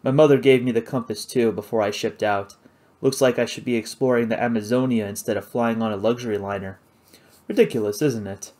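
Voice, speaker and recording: A man's voice: medium pitch, fairly even intonation, brisk, a little mellow, pitched below the performer's own voice, natural voice. A man voicing a friendly, good-natured young male ship's hand with an easygoing manner in an audiobook. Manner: easygoing and cheerful. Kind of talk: audiobook character voice.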